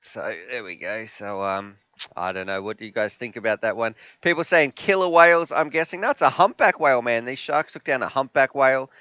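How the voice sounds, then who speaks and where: A man hosts a live stream in upbeat, joking banter. His voice is smooth and clear, at a middle pitch. The sound is dry and a little dull. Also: animated, brisk, sharp tone, no room sound. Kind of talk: casual live stream chat.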